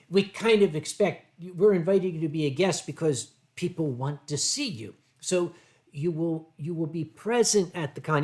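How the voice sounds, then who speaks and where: An older American man hosting a livestream, answering viewer chat in a rambling way with deadpan humor. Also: sits high. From United States. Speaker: livestream host.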